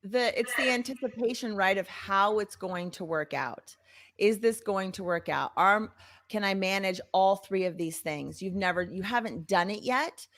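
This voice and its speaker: Woman co-host, middle pitch, upbeat and animated, acts out quotes. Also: normal speed. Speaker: podcast co-host. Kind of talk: casual encouraging chat.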